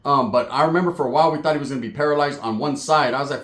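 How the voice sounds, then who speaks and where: Profane, animated male storyteller in echoey room. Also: medium pitch, racing. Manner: profane, animated, mixes in Spanish words. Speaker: storyteller host. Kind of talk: crude comic storytelling.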